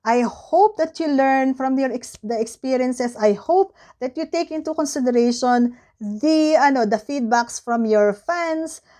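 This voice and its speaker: Chatty Filipino-accented woman, slightly high voice. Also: a little slow, dark tone. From Philippines. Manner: candid, rambling, searches for words. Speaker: vlogger. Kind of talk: casual chat.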